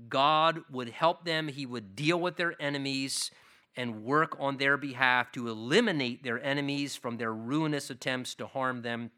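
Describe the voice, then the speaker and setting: A man's voice: medium pitch, a little slow, sharp tone. A man preaching an expository Bible sermon, earnest and repeating key phrases for emphasis. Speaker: pastor.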